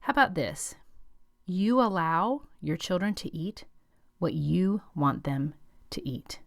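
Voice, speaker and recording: A woman hosts an advice podcast in a calm, direct voice. Her tone sits low for a woman, and she leans into key words with firm emphasis. The recording is dry and close to the mic, with no room sound. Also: slow, gravelly, no echo. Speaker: podcast host.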